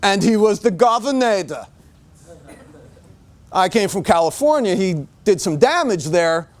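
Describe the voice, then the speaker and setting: High-pitched, emphatic motivational speaker. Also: male voice, a little mellow. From United States. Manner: emphatic, repeats "okay?" to drive points home. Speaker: marketing director giving a staff talk. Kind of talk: motivational speech. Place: room with a staff audience.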